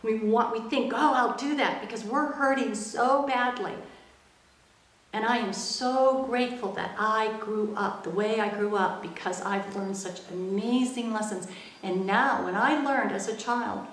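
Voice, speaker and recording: A woman's voice: medium pitch, unhurried. Middle-aged woman, interview guest, earnest and reflective storyteller, echoey room. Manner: earnest, reflective, softens into quiet quoted speech. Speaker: interview guest, emotional intelligence expert.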